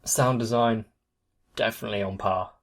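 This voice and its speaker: A man's voice: fairly low pitch, steady tone, moderate pace. A young man hosting an anime reaction channel, giving casual, thoughtful commentary that trails off at the ends of phrases.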